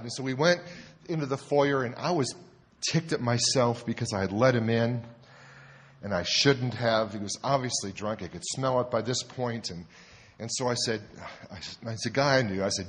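A man's voice: mid-range voice, moderate pace, fairly bright tone, in a large hall. An older man, a pastor, telling a self-deprecating story in a conversational sermon. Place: church sanctuary.

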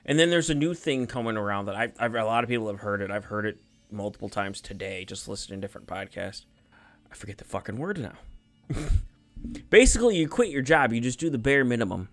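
A man's voice: fairly low pitch, lively intonation, quick pace, fairly bright tone. Young guy on a podcast, rambly and sweary, keeps restarting his sentences. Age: young adult. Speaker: podcast co-host. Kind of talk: casual chat.

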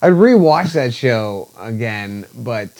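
A man's voice: medium pitch, animated, takes it slowly, a little mellow. A man co-hosting a casual podcast chat, laid-back and offhand, swearing casually. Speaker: podcast co-host.

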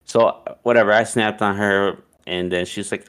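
A man's voice: on the low side, fairly even intonation, normal speed, hardly any pauses, a bit bright, clean tone. A young man casually telling a story, loose and profane, with "like" in nearly every line. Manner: loose and profane, heavy use of "like".

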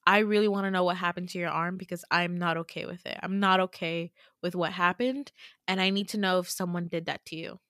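A woman's voice: fairly low pitch, fairly even intonation, brisk, fairly bright tone, no echo, studio quality, lightly acted. A woman quoting an earnest young male student friend who presses her with questions, in her own voice.

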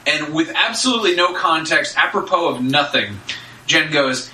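A man co-hosting a comedy podcast, telling a story in an animated, excitable way. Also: on the high side, normal speed. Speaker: podcast co-host. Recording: roomy, distant mic with faint noise.

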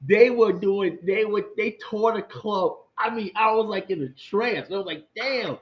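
A middle-aged man, a guest, telling stories in casual chat, rambling and animated, with many fillers and restarts. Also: high voice, normal speed, muffled recording.

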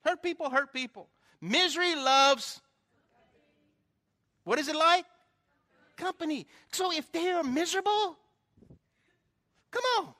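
Male pastor with a high, bright voice, delivering a sermon through casual stories and wry jokes at his own expense. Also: a little slow, long pauses. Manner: conversational storytelling with self-deprecating humor.

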